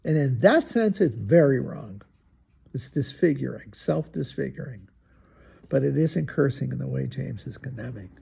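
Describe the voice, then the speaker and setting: A priest in his eighties gives a relaxed homily, breaking off from the reading for folksy, chatty asides. His voice is dark and mellow, with a heavy gravelly fry. The tone is very husky throughout. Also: mid-range voice, normal speed. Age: 80s. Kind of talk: informal homily with scripture reading.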